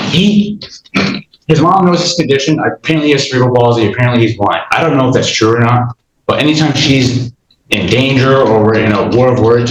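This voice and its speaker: A man's voice: medium pitch, roomy sound, a little hiss or hum, rough recording. A man in his thirties testifying in a courtroom, agitated and rambling, restarting his sentences and acting out what others said. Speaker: litigant in small claims court.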